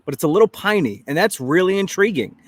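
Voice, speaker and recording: A man's voice: high-pitched, big pitch swings, fast, no echo. Chatty New man hosting. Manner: chatty, rambling, self-correcting. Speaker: show host. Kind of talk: casual chat over drinks.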